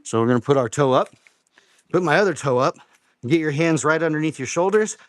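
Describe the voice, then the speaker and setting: A man's voice: on the high side, expressive, a little fast, no room sound, clean studio sound. A middle-aged man hosting a live workout show, coaching a viewer through exercises in an encouraging way and repeating his instructions. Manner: encouraging, repeats instructions, counts reps aloud. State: out of breath after exercise.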